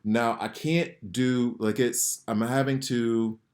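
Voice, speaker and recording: A man's voice: mid-range voice, fairly even intonation, takes it slowly, darkish tone. A man hosting a gaming channel, talking in an earnest, rambling way with many fillers and restarts as he gives a heartfelt personal message, emotional at times. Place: home, sirens heard outside.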